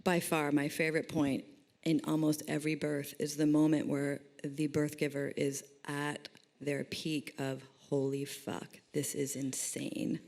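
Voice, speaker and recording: A woman's voice: sits low, flat delivery, a little slow, a little mellow. A middle-aged woman, a doula, talking on a panel discussion in an emphatic, storytelling way.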